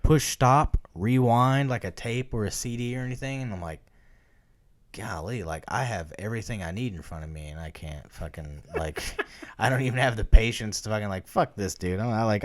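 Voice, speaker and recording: A man with a lowish voice co-hosts a casual podcast chat. He rambles from one thought to the next, swears freely and laughs often. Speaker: podcast co-host.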